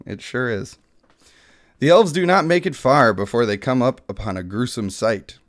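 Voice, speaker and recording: Here a medium-pitched man with a moderate pace runs a mobile gaming channel. His chat is relaxed and full of laughter and self-deprecating jokes, with occasional dramatic readings.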